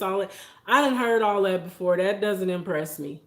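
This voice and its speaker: A woman's voice: mid-range voice, moderate pace. A woman vlogger chatting casually to her viewers, emphatic and exasperated, laughing often. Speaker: vlogger host. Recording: echoey room.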